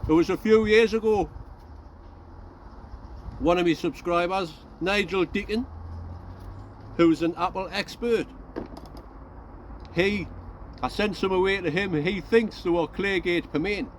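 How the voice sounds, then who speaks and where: A man with a high voice chats away outdoors on his allotment, rambling off topic and chuckling at himself as he talks to his viewers. Faint outdoor noise and the odd passing vehicle sit behind him. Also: measured pace, long pauses. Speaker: allotment gardening vlogger. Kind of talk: casual chat to camera.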